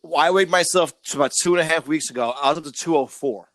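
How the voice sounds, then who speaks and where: A man's voice: on the high side, fast, a bit bright, dry recording. A man co-hosting a casual podcast, ranting with lots of swearing and stammering on restarts. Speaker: podcast co-host.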